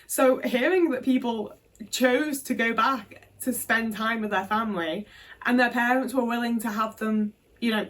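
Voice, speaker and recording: A woman vlogger candidly tells a personal story, frank and emotional, swearing often and leaning on fillers. Her voice is fairly high and fairly bright, and she sounds far from the mic.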